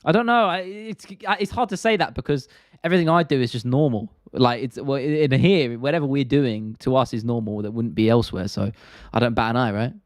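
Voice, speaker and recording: A man's voice: mid-range voice, a little fast, dry recording, clean studio sound. A young British man hosting a live stream, chatting casually and answering viewer questions in a laid-back, rambling, slangy way.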